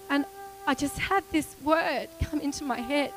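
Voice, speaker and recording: A middle-aged woman pastor giving a heartfelt, tearful testimony and prayer in a church service, speaking softly with emotional swells. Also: very high-pitched, expressive, normal speed, soft background music. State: crying a little.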